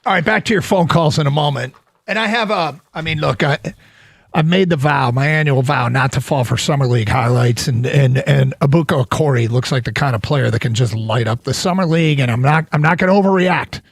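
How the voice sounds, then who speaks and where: A man's voice: medium pitch, a little fast, creaky, dry recording. A man hosting a sports talk radio show, chatting casually, taking calls and mocking himself.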